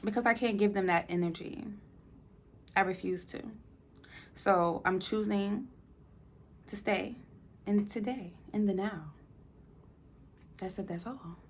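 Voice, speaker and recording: A young adult woman speaks straight to her viewers in a heartfelt vlog update, with a noticeable gravelly fry under her middle-pitched voice. Her delivery is emotional and uneven, sinking into quiet near-whispers and then pushing out loud, emphatic phrases. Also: slow, long pauses, slight background noise. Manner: emotional, swings between soft near-whispers and emphatic bursts. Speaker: vlogger. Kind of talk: personal update talking to camera.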